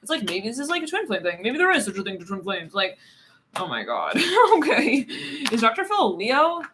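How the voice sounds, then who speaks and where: A woman's voice: fairly high pitch, huge pitch swings, brisk, a bit bright, slight background noise. Giggly rambling woman reading tarot. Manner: rambling, giggly, says "it's like" constantly. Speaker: tarot reader. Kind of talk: live tarot reading, casual chat.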